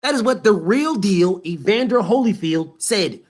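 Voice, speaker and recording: High-voiced man ranting about boxing. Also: expressive, measured pace. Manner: heated, emphatic, profane, repetitive. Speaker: boxing show host. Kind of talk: boxing commentary rant.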